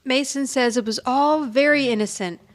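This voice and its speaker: A woman with a fairly high voice co-hosts a casual podcast. She retells a TV episode with plenty of giggles, dropping into the characters' lines along the way. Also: normal speed. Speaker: podcast co-host. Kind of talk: casual episode recap chat.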